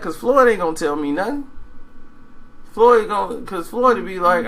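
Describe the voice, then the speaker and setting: A man telling a rambling, animated story in casual monologue, acting out quoted dialogue. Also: high voice, measured pace, creaky, long pauses, low-quality recording.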